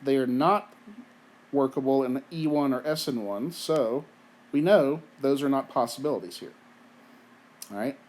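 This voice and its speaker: A man's voice: medium pitch, measured pace, pauses often, a little mellow. A man giving a recorded chemistry lecture in a conversational way, asking rhetorical questions and often checking in with "right?"; he has the hiccups. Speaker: chemistry teacher.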